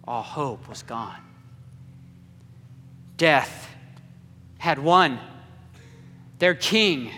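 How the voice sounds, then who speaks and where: A man preaching a dramatic sermon as a story, slow and swinging between loud cries and hushed near-whispers. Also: mid-range voice, a little hiss or hum. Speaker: pastor. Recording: echoey hall with long reverb.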